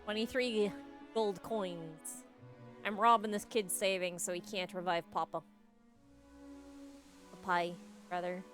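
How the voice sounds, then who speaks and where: A woman's voice: medium pitch, fairly even intonation, slow, long pauses. Woman, casual streamer, self-mocking banter, game music in the background. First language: English. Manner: chatty, joking and self-mocking with frequent laughs. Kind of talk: casual live-stream chat while gaming.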